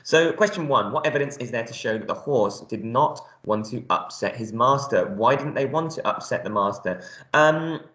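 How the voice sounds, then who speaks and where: Male teacher talking kids through a reading lesson, lots of ums, mid pitch, roomy echo. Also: animated, moderate pace, a bit bright. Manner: friendly, explains words step by step with many ums. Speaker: primary school teacher. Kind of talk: recorded remote reading lesson.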